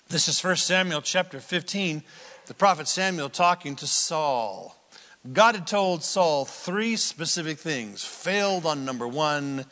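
Animated preacher in a reverberant hall. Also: male voice, a little high. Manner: animated storytelling, acts out quoted characters. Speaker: pastor. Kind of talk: sermon.

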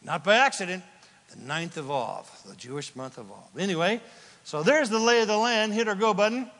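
A man's voice: high voice, lively intonation, normal speed, fairly bright tone. A man preaching to a congregation with slides, enthusiastic and playful in a conversational way. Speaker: pastor. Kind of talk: sermon with slides. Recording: long hall reverb.

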